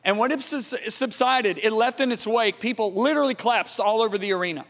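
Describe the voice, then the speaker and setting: A man preaching a sermon, telling a story dramatically and dropping to a hushed, awed tone. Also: sits high, fairly quick, big-room sound. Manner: dramatic, swings from loud emphasis to hushed awe.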